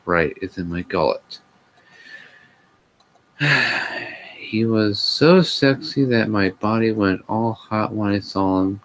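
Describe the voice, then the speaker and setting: Brief: male host, dry sarcastic reader, slow lowish voice, lots of sighing. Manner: sarcastic, sighing, exasperated asides. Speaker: host reading a fan fiction aloud. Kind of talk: sarcastic live comedic reading.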